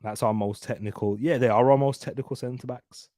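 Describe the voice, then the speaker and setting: A man's voice: medium pitch, steady tone, a little fast, dark tone, no echo, clean studio sound. A young man hosting a live football watchalong, chatting and laughing through casual match commentary. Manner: chatty, laughs often, banter. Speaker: watchalong host.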